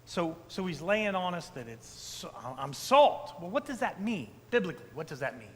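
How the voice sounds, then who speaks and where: Animated male pastor in a reverberant church. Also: high-pitched, normal speed. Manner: conversational, frequent "right?" asides to the congregation; emphatic repetitions. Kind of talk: sermon. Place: church sanctuary.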